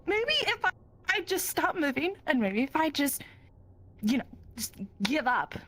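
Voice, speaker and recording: A young adult woman playing her character in a tabletop game, muttering, swearing and breaking into teary shouts. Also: high-pitched, big pitch swings, unhurried. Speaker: player. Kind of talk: in-character tabletop role-play.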